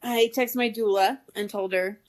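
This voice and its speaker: A woman's voice: medium pitch, steady tone, normal speed. A woman in her thirties, a podcast guest telling a story in casual chat, laughing often and using many fillers.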